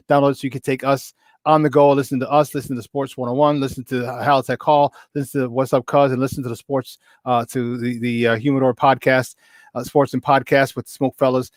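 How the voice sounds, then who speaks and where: A chummy male sports talk host signing off the show with plenty of shout-outs. His voice sits in a middle register and comes through a dry, close mic with no room sound. He talks loosely, repeating himself and adding fillers as he goes. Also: mid-range voice, dry recording. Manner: upbeat, chummy, thanks guests and plugs the app.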